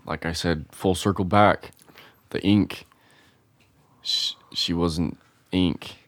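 A man co-hosting a podcast, telling a personal story in a halting, rambling way. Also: sits low, steady tone, fairly bright tone, no echo. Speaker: podcast co-host. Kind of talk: casual chat among friends.

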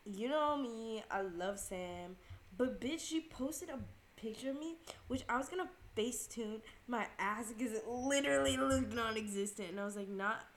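A woman's voice: on the high side, moderate pace. A young woman hosting her own podcast alone. She rambles in casual chat, mocks herself, swears a lot, says "like" constantly and loses her train of thought. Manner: rambling, self-mocking, heavy use of "like", frequent swearing; jumps between topics, loses her thread. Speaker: podcast host. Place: at home, on her phone.

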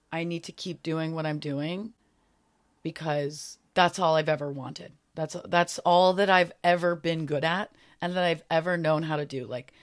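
Young woman podcaster, low voice, earnest and heartfelt, just talking solo about her year. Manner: earnest and heartfelt, a little emotional at times. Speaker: podcast host. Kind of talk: reflective solo podcast talk.

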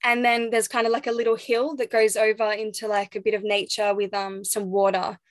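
A young pregnant woman telling a personal story as an interview guest, reflective and halting, with restarts and soft laughs. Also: medium pitch, little pitch movement, no echo.

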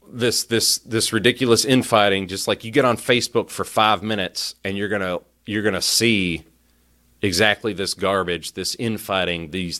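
A man's voice: fairly low pitch, pushed and bright. A man hosting a podcast who rants heatedly and stammers and repeats himself as he gets worked up. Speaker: podcast host. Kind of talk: opinion rant.

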